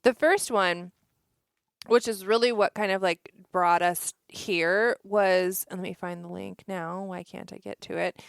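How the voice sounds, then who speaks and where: A woman's voice: medium pitch, steady tone, a little slow, creaky, smooth, no room sound, clean studio sound. A woman co-hosting a casual podcast chat, telling stories with frequent laughter. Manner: laughing, chatty storytelling. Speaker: podcast co-host.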